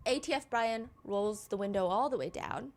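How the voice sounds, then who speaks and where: A woman's voice: medium pitch, normal speed. A woman hosting a reaction video, casually recapping a true-crime case and acting out quoted texts. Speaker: reaction channel host.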